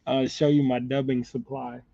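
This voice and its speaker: A man's voice: medium pitch, flat delivery, moderate pace, gravelly, dark tone, no room sound. A man hosting a casual jig-tying chat at his bench indoors, rambling and laid-back, laughing often. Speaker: fly and jig tier, channel host. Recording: dull lo-fi dry sound.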